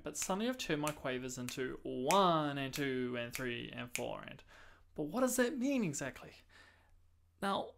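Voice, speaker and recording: A man's voice: fairly high pitch, creaky. Man teaching, counting rhythms aloud. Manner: explains patiently, counts and sings rhythms aloud. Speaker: saxophone teacher. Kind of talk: music lesson explanation.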